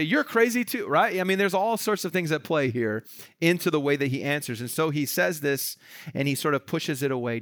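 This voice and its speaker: Recorded dry in a clean studio, a male pastor preaches at medium pitch. He animatedly explains a scripture passage, performing its dialogue in different voices.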